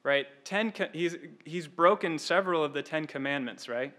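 A man's voice: a little high, moderate pace, pushed and bright. A man preaching an expository sermon, earnest, often repeating words and tossing in "like" and "right?".

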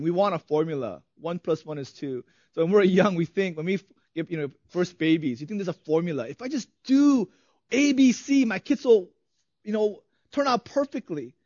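A man's voice: sits high, a little mellow, no room sound, highs cut off. A man in his thirties preaching a sermon as a pastor, conversational, often asking "right?" and laughing lightly.

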